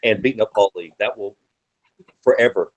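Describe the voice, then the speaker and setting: A man's voice: lowish voice, moderate pace, lo-fi sound. A man talking as a podcast guest, swearing freely while he tells long wrestling-world anecdotes. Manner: profane, animated, rambling anecdotes. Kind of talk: casual storytelling chat.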